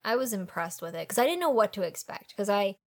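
Female co-host, mid-pitched, quick and chatty, dry recording. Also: very animated, no echo. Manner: chatty, quick, lots of "like" and "yeah". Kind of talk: casual book discussion.

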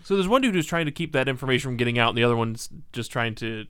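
A man's voice: medium pitch, expressive, rapid-fire, fairly bright tone, clean tone. A young man co-hosting a casual podcast, rambling through jokes with lots of fillers. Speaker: podcast co-host. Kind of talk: casual chat.

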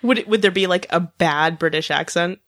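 A woman's voice: lowish voice, a bit bright, no room sound, studio quality. A woman guest on a podcast, chatting casually about a TV show with wry quips. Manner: wry, quick reactions and short quips. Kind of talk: casual TV recap chat.

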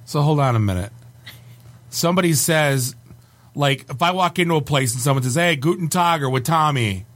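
A man's voice: medium pitch, normal speed. Wry Canadian-raised man reading reviews. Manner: wry, riffing, deadpan asides. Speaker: podcast host. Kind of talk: comedic review reading and banter.

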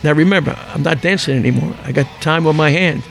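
Older philly guy, fast storyteller, slightly high voice, soft music behind. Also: creaky. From Philadelphia. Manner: lively raconteur, acts out quotes, rattles off names. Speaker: guest. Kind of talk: anecdotal storytelling in an interview.

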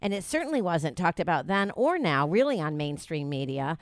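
A woman's voice: sits low, very animated, moderate pace, hardly any pauses, no room sound. A woman hosting a radio talk show, chatty and rambling, with many fillers.

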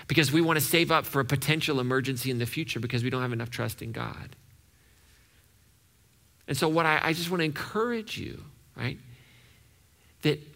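A man preaching a sermon as pastor, animated and acting out the voices he quotes. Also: medium pitch, vocal fry.

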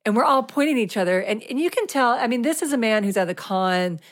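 A woman's voice: fairly high pitch, lively intonation, fast. A woman in her thirties, a podcast host, telling a long story in casual chat. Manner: chatty, rambling storyteller with fillers and restarts.

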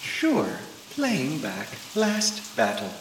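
Sex: man. Figure: man doing a slow computerized van voice. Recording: roomy echo with clear noise. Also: mid-range voice, exaggerated voice. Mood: robotic. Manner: flat, clipped machine announcements. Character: calm computerized voice of an armored van.

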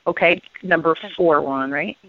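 A radio show host with a low, unhurried voice interviews a guest, chatting casually as an enthusiastic, upbeat storyteller. The line sounds tinny and phone-like, with a dry recording.

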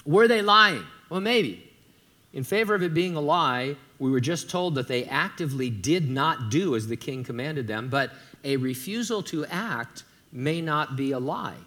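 A man's voice: a little high, animated, normal speed, sharp tone. A man preaching a sermon as pastor, conversational, with joking asides, sometimes stumbling and repeating words.

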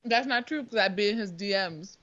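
A woman's voice: mid-range voice, fairly quick, fairly bright tone, dull audio. A woman co-hosting a casual podcast, playful and teasing. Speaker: podcast co-host. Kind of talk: casual chat.

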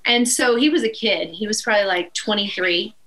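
A woman's voice: medium pitch, fairly quick, low-quality recording. A middle-aged woman from East Texas with a Texan accent, telling a story as a guest and laughing as she goes. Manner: animated, laughs through her story. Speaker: guest musician. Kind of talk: casual storytelling.

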